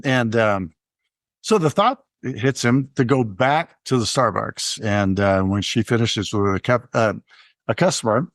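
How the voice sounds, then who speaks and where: A man's voice: mid-range voice, measured pace, no echo, clean studio sound. A man co-hosting a podcast, telling stories in a rambling way with many ums and uhs. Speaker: podcast co-host. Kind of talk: conversational storytelling.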